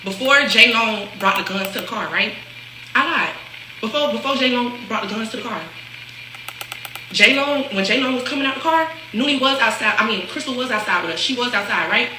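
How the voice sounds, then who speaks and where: A woman telling a story casually, animated, laughing often and acting out what others said. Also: a little high, a little fast. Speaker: storyteller on a reaction video. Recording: echoey room with faint hiss.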